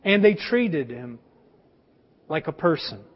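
A man preaching, voicing a solemn older prophet in a low, hushed, measured voice. Long hall reverb, dull lo-fi sound. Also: big pitch swings, slightly rough, heavily acted.

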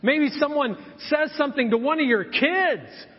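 A man's voice: very high voice, normal speed. A man in his fifties preaching a sermon in a church, telling stories and acting out what people said. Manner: animated storytelling, acting out quotes. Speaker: pastor. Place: church sanctuary. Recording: muffled sound in a reverberant church hall.

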